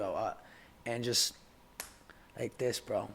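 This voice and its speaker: A young man talking as a podcast guest in casual conversation, heartfelt and halting, often repeating words as he searches for them. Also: mid-range voice, sharp tone, slight background noise.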